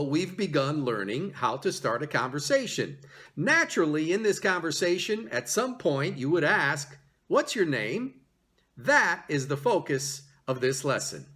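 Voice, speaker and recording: A man teaching a video language lesson, leading repeat-after-me drills with an animated, encouraging manner and exaggerated intonation. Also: a little high.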